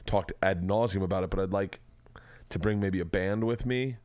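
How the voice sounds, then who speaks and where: Brief: podcast host, man, lowish voice, rambling and easygoing, dry close mic. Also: moderate pace, darkish tone, dry recording. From Florida. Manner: rambling, laid-back, laughs often. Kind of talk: casual podcast chat. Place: home studio room.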